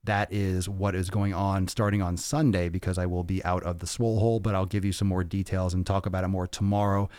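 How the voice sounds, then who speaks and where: A man's voice: deep voice, level tone, fairly quick, few pauses, darkish tone, clean tone, no echo, clean studio sound. A man hosting a fitness podcast livestream, chatting casually, answering comments and cracking crude jokes. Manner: loose and profane, jokey, reads comments aloud. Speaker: podcast host.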